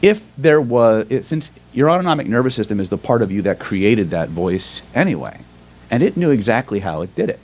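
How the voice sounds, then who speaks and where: A man teaching a live workshop on inner voices, then leading the room through a slow guided hypnosis. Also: mid-range voice, poor audio. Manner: animated and joking with the audience, shifting into slow soothing guided trance. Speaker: hypnosis and NLP trainer. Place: seminar room with a live audience.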